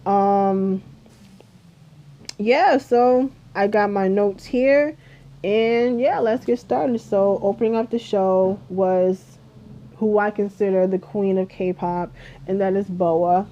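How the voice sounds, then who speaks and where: A woman's voice: mid-range voice, slow, mellow. A young woman vlogging a casual music review, chatty and rambling with lots of fillers, sleepy and yawning. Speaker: K-pop vlogger. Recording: dull lo-fi home recording.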